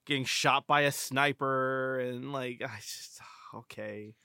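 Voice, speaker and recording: A man's voice: mid-range voice, level tone, measured pace, bright, forceful tone, smooth, dry recording, clean studio sound. A man hosting a podcast, meandering through a casual film discussion with lots of hedging and fillers. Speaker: podcast host.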